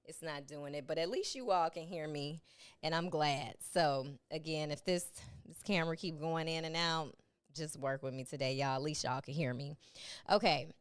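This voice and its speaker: Middle-aged woman w/ doing a live podcast from home, chatty, laughs a lot, smooth lowish voice. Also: normal speed, dry recording. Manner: chatty, laughing, talks to listeners as y'all. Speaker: podcast host. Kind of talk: casual live podcast chat. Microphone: webcam and earpiece.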